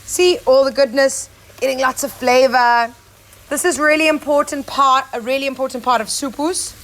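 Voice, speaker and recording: Chatty high-voiced woman in an echoey kitchen. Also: moderate pace, fairly bright tone. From Zimbabwe. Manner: chatty, greets viewers by name while cooking. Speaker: safari cook. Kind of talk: live-streamed cooking demonstration. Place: home kitchen. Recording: echoey kitchen with faint ambient noise.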